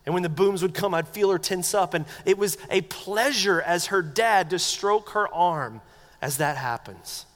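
High-voiced earnest male pastor preaching. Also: a little slow. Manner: earnest, conversational, drops to soft quiet tones. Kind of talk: sermon. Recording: long hall reverb.

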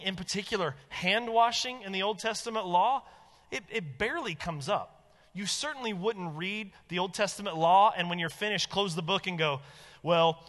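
Bright, emphatic male preacher in a hall. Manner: animated, emphatic preaching, dropping low for stress. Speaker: pastor. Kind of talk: sermon.

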